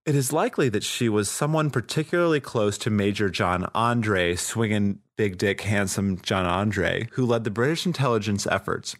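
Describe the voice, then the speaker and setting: A man co-hosting a podcast, telling history in a loose, profane, chatty way. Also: fairly low pitch. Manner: loose, profane storytelling with fillers. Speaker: podcast co-host. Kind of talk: casual history podcast chat.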